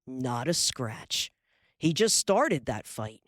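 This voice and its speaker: A woman's voice: rumbling low, big pitch swings, slow, no room sound, clean studio sound, heavily acted. A woman voicing a hearty middle-aged frontier father telling a tale in a folksy drawl. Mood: lively.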